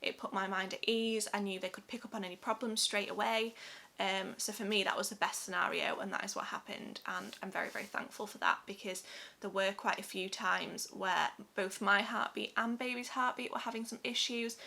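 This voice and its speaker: Bright-voiced chatty young woman vlogger. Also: mid-range voice, vocal fry. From England. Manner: chatty, emotional, laughs often. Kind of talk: casual storytelling to camera.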